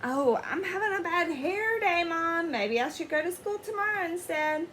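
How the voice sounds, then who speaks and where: A woman's voice: very high-pitched, lively intonation, moderate pace, fairly bright tone, slight background noise, pitched above the performer's own voice. A woman voicing an anxious, stubborn young boy cat who pleads and asks questions in a storybook read-aloud. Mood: whiny.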